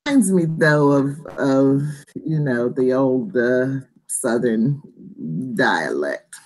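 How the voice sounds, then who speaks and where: A woman moderating a casual discussion over a video call, animated and quick to laugh. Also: a bass voice, rough recording.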